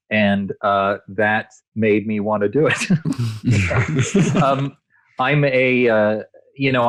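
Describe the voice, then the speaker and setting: Male guest, low voice, dry close sound, laid-back anecdotal delivery. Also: no echo. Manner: relaxed storyteller, many fillers and restarts. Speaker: guest, voice actor and screenwriter. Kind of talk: casual interview chat.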